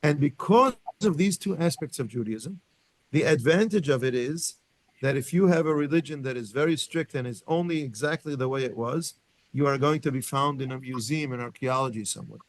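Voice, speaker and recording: A Torah class unfolds in a synagogue study room as a man lectures at a fairly quick pace and medium pitch. He reasons out loud, restarts frequently and keeps asking his students questions, all with no echo.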